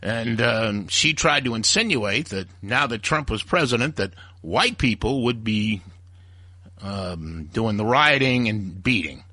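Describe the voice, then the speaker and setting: Heated male talk radio host with a sharp, husky voice and lively, swinging delivery. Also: on the low side, unhurried, no echo, studio quality. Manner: ranting, heated, acts out quoted voices. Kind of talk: opinionated talk radio monologue.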